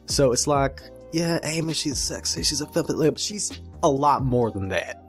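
A man giving excited casual commentary as he flips through a comic, gushing and swearing freely. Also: medium pitch, moderate pace. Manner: animated and gushing, swears freely, mimics characters. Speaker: video creator reviewing a game comic. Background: faint background music.

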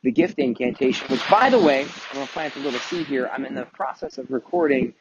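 A man's voice: medium pitch, expressive, a little fast, crowd noise. A man hosting a motivational podcast, talking candidly and earnestly with casual swearing while walking on a beach at night. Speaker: podcast host and mentor. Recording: muffled outdoor recording with wave noise. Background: crashing waves.

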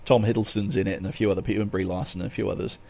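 A man's voice: fairly low pitch, little pitch movement, racing, gravelly, darkish tone. A man hosting a casual podcast chat, rambling along with many fillers. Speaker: podcast host.

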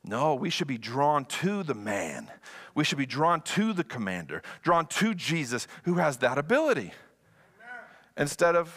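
A man preaching as a guest pastor, animated and playful. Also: fairly high pitch, measured pace. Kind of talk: sermon.

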